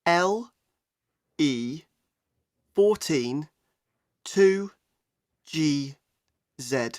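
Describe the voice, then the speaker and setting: A woman's voice: deep voice, lively intonation, drawn-out words, darkish tone, no room sound, clean studio sound, full character voice. A woman with a British accent playing a teenage girl who gives her details and spells them out letter by letter in a scripted coursebook dialogue. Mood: plain. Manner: plain, spells out letters one by one.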